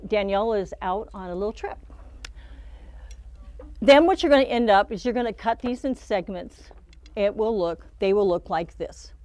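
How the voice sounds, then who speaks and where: In a shop studio, a middle-aged quilting instructor chats her way through a quilting pattern, explaining every step and laughing when she slips up. Her medium-pitched voice is expressive and darkish, moving at a moderate pace with long pauses. There's no room sound.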